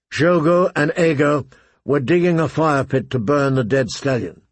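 A man narrating an audiobook in a measured, unhurried reading voice with a gravelly, husky quality. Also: mid-range voice, dry recording.

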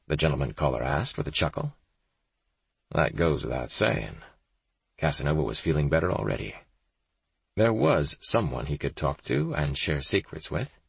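A man reads a thriller audiobook in a deep, gravelly voice with a husky edge. His delivery is measured and grave. The recording is dry and close to the mic. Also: big pitch swings, no echo. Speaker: narrator.

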